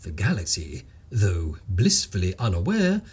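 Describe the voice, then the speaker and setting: A man's voice: low-pitched, wildly swooping pitch, unhurried, darkish tone, breathy edge. A man reading a comic story aloud in a wry, playful storytelling manner. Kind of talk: comic scripted narration.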